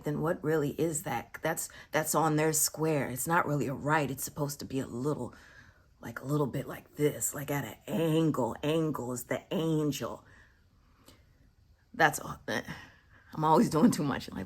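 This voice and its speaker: A woman with a husky, low-sitting voice tells a personal story at a moderate pace. Her tone is casual, reflective, and spiritually musing, and she often drops to a whisper for emphasis.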